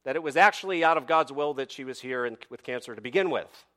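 A man preaching a sermon with dramatic pauses and rhetorical questions, reading scripture and telling a story to his congregation. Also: medium pitch, bright, forceful tone. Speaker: pastor.

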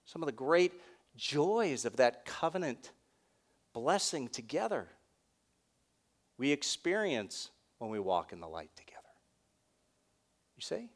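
A man preaching a sermon in an earnest, conversational way, with wry asides, who lifts his voice on key words and softens in prayer. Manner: rises in pitch and volume on key words, drops soft in prayer. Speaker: pastor.

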